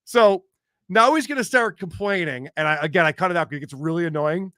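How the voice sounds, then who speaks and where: A male host gives joking, sarcastic commentary on police clips in a high, bright voice. The recording is dry and close. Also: brisk, no echo. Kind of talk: casual commentary on police videos.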